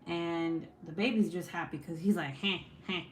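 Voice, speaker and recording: Profane storytelling mom in echoey room. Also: female voice, on the low side, moderate pace, darkish tone, slight background noise. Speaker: vlogger, mom. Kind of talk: casual chat while crafting.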